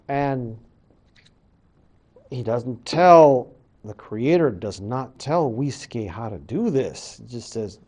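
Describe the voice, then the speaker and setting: A man, a college professor, casually retelling a creation story in a lecture, animated and full of fillers. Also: mid-range voice, takes it slowly.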